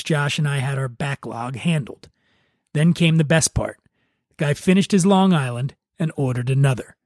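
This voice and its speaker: A man hosting a podcast, reading a story aloud in a relaxed, wry manner. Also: medium pitch, dry recording, clean studio sound. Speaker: podcast host.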